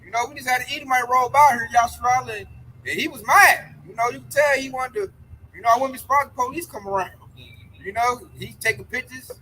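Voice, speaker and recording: Casual: guy preaching outside by the road, really high bright voice, animated and cussing, faint traffic behind. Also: fairly quick, low-quality recording. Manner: animated storytelling with profanity. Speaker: street preacher. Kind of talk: casual chat. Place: outdoors by a road.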